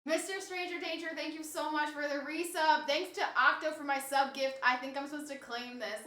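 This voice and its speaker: A woman's voice: high voice, fairly quick, few pauses, heavy background noise. A woman streamer chatting casually on a live stream, rambling and answering her chat as she goes. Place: home, room with snake enclosure. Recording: roomy, distant mic.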